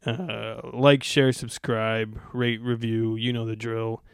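A man's voice: mid-range voice, little pitch movement, slow, smooth, dry recording, clean studio sound. A man hosting a podcast, telling a story in a laid-back, rambling way. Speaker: podcast host. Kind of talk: casual storytelling chat.

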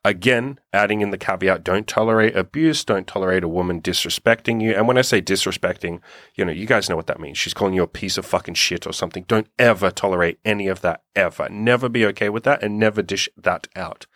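A man's voice: low voice, fast talker, a bit bright, dry recording, studio quality. A young man giving casual dating advice as a coach, blunt and swearing freely, thinking aloud with small restarts.

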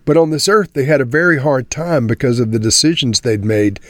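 A man's voice: mid-range voice, fairly quick, dry recording. Earnest male Bible teacher, dry sound. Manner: earnest, addresses listeners as friends. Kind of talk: devotional Bible teaching ending in prayer.

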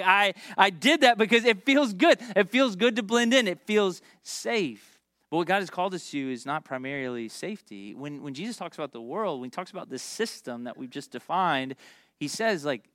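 A pastor from Memphis preaching a conversational sermon, joking and talking straight to the congregation. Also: male voice, on the high side, sharp tone, clear, resonant tone, dry recording, studio quality. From Memphis, United States. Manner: conversational and joking, with asides to the crowd.

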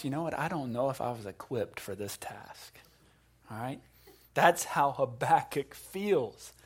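Guy preaching a sermon, gets real quiet then loud and intense. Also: fairly high pitch. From South Carolina. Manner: dynamic preaching, swinging from hushed to loud. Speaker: pastor.

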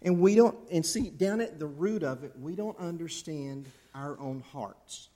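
A man preaching a sermon to his church, animated, acting out angry outbursts along the way. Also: fairly high pitch, unhurried. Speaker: pastor. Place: church sanctuary.

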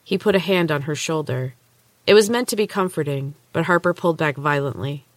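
A woman podcast host narrating a novel chapter aloud in a steady, measured way. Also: low-pitched, no room sound. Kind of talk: storybook narration.

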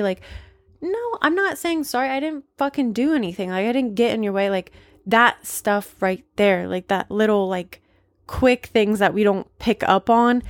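Woman podcast host, casual and blunt, heavy swearing and fillers, mid-pitched, dry close sound. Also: dry recording. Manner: candid, swears often, many "like" fillers; emphatic, confessional. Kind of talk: casual solo podcast talk.

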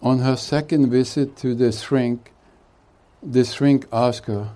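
A man teaches at a retreat in a mellow, warm voice, taking his time over each phrase. He chuckles softly between his thoughts and gives a relaxed satsang talk mixed with jokes. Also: medium pitch, slow. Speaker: spiritual teacher. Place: retreat hall.

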